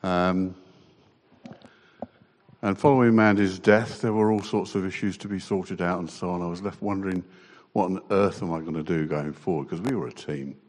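A man giving a halting, emotional personal testimony to a church congregation. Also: sits low, steady tone, a little mellow. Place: church hall. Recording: long church reverb.

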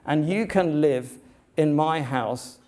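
A patient, authoritative Jesus speaks with quiet firmness in a slightly higher register than usual. A male preacher gives the voice within a sermon story. It is everyday storytelling rather than theatre. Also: takes it slowly. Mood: calm. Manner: patient, reasoning, then stern. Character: Jesus, calm and authoritative grown man.

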